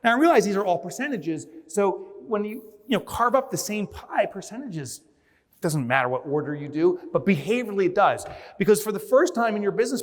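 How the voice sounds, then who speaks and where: A man giving a conference keynote, telling a story with lively acted-out asides before moving on to business advice. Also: a little high. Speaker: keynote speaker. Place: large conference hall. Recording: reverberant hall.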